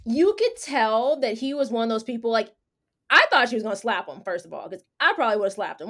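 A woman's voice: fairly high pitch, a little fast. A woman hosting a casual chat, telling a story with slang and acting out what people said. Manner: animated, slangy, acts out quotes. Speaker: podcast host.

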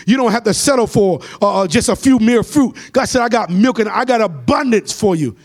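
A man preaching a Bible study as a pastor, rising into shouts and sung phrases and calling for amens. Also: high-pitched, animated, brisk, few pauses.

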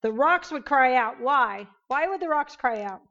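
A woman teaching an interactive Bible lesson, emphatic and animated, questioning her class. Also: sits high, normal speed, dull audio.

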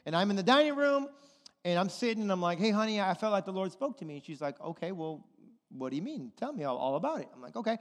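A man with a high voice preaches a sermon in an animated storytelling style, acting out the people in his story. His voice rings with a long reverb, as in a large hall. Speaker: pastor.

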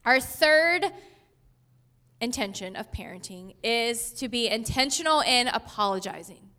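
A woman's voice: on the high side, lively intonation, measured pace, bright, forceful tone. A woman in her thirties giving a conversational sermon in a chatty way, laughing often and using many fillers. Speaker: pastor.

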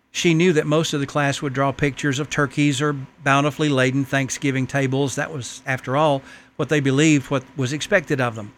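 A man's voice: a little high, fairly bright tone. A man preaching a sermon, earnestly reading a letter and a story aloud to the congregation.

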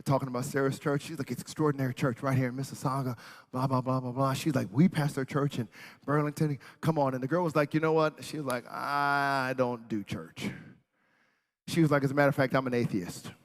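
A male pastor preaching a sermon, telling a story and then building to shouted preaching in a church. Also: medium pitch, steady tone, quick pace. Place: church hall. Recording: hall reverb.

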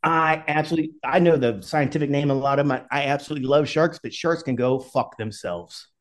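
Middle-aged guy rattling off a story fast, swearing, laughing, casual chat. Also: on the high side. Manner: fast, rambling, swears and laughs while telling stories. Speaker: podcast guest, former Army skydiver.

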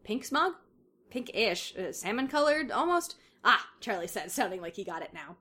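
A woman co-hosts a casual comedy podcast, reading fan fiction aloud with dramatic flair and breaking into laughter. Her voice is medium in pitch and fairly bright, very animated, at a normal pace.

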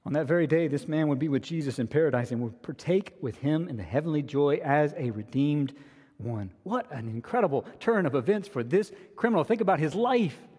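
Earnest preacher in a reverberant hall. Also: male voice, fairly high pitch, animated, fairly quick, mellow, husky. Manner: earnest, repeats key phrases for emphasis. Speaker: pastor. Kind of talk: preaching a sermon.

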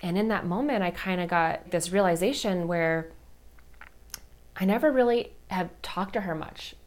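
A woman hosting a podcast, telling a personal story in a casual, chatty way, soft and tender, with lots of "like" and "you know". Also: lowish voice, normal speed. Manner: soft and tender when talking about grief. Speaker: podcast host.

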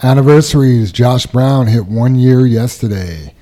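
A man hosting a casual workplace podcast, reading out anniversaries and birthdays and telling stories in a relaxed way. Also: mid-range voice, a little slow. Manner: relaxed, reads out announcements. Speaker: podcast host.

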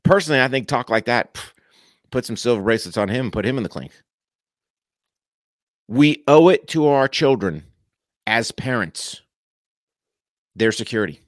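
A man delivering an impassioned, preachy monologue straight to his viewers, punching key words with sudden pitch jumps and dropping into casual slang. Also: animated, moderate pace, long pauses, no room sound, clean studio sound. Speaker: political commentator addressing viewers. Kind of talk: impassioned direct-to-camera monologue.

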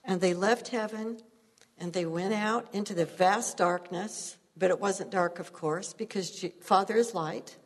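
Husky-voiced woman giving a sermon, storytelling, long echo from the hall. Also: medium pitch, a little slow. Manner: earnest, storytelling, laughs at herself. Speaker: preacher.

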